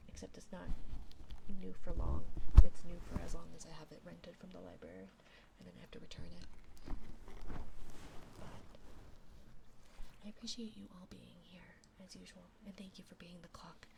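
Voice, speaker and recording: A woman streamer giving a whispered ASMR livestream chat, softly whispering and giggling. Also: lowish voice, lively intonation, creaky. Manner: soft whispering, slow and drawn out, often giggling. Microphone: binaural dummy-head microphone.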